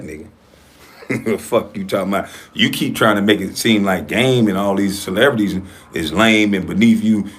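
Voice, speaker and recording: A man hosting his own online show, ranting in a heated, profane and combative way, swinging between loud outbursts and low muttering. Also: breathy edge. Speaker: YouTube show host.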